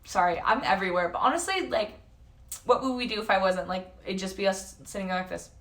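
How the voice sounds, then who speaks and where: A young woman streamer talks loosely from a hotel room, swearing freely and hopping from one tangent to the next. Her voice sits at an ordinary middle pitch. It carries an echo off the room's walls and sounds set back from the microphone. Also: brisk, a bit bright, distant mic. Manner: rambling, swears freely, jumps between tangents. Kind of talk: casual live-stream chat. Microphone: facecam at a distance. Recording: echoey room, voice off-mic.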